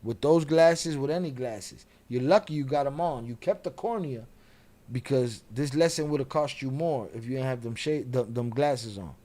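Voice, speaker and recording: A man's voice: mid-range voice, moderate pace, mellow. A man hosting a live stream, giving brash, profane, trash-talking reaction commentary.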